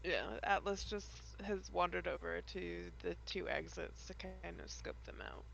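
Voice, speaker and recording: A woman's voice: fairly low pitch, fairly even intonation, measured pace, vocal fry, fairly bright tone, dull audio, slight background noise. A woman player at a tabletop game, eager and brief in her replies. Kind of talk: casual chat at a tabletop game.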